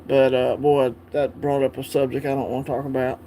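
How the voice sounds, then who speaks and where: A man's voice: medium pitch, flat delivery, brisk, dark tone, a little hiss or hum. A man from Alabama with a Southern accent, hosting a casual coin-collecting livestream, rambling, laughing and answering viewers' chat.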